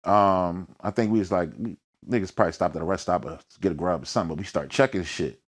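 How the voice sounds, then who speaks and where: A low-voiced man with a Philadelphia accent sits down for an interview about his rap career. He talks in thick slang and tells his stories with energy, acting out the voices and sounds in them. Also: quick pace. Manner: slangy, peppered with "you know what I mean". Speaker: rapper, interview guest. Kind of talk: storytelling in a sit-down interview.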